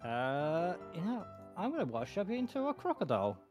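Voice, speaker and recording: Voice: mid-range voice, huge pitch swings, normal speed, music in the background. A player in an improvised tabletop game, playful and laughing a lot. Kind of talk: casual tabletop game play.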